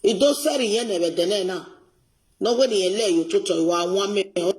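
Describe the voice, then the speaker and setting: A man with a fairly high voice speaks in a clip played back for reaction. He talks at an even, conversational pace in a Nigerian language. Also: a little fast.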